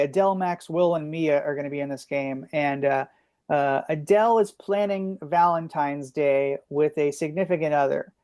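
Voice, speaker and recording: A man hosting a live online improv comedy show, calling on players with quick, upbeat patter over a video call. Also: fairly high pitch, darkish tone, no room sound, clean studio sound.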